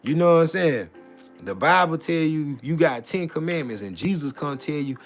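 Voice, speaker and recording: A man's voice: on the high side, animated, normal speed, faint music behind. Fired-up man preaching in slang. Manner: swings between loud preaching and muttered asides; repeats filler tags like "you know what I'm saying". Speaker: vlogger. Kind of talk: casual preachy monologue.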